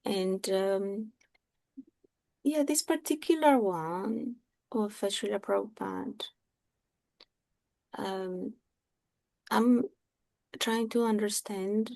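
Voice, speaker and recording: A woman in a study group asking a question haltingly, with many pauses and fillers. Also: mid-range voice, vocal fry, darkish tone, no room sound. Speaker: class participant.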